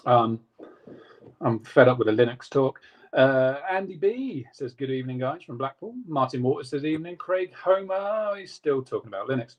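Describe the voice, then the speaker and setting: A man co-hosting a casual live stream, reading out viewer comments in a quick, jokey way. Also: medium pitch, expressive. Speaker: co-host reading live chat.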